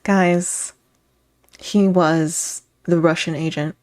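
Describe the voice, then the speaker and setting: A woman's voice: on the low side, steady tone, very slow, darkish tone. A woman streamer reacting to a video, playful and giggly, thanking her chat by name. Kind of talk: casual live-stream commentary.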